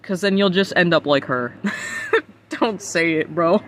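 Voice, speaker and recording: A man's voice: high-pitched, measured pace, fairly bright tone, a little hiss or hum. A man from the United States streaming casual reaction commentary, incredulous and profane, laughing often.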